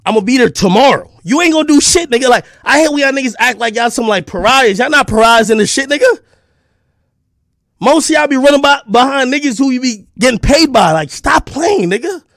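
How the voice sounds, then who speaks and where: A man streaming an angry, profane rant, confrontational and breaking into shouts. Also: very high-pitched, no echo, clean studio sound.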